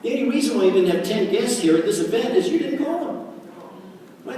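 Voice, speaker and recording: A man giving an energetic motivational talk at a sales meeting, acting out quoted voices and laughing often. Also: extremely high pitch, fairly quick. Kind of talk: motivational stage talk with anecdotes. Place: large meeting hall. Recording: echoey hall mic from far off, noisy.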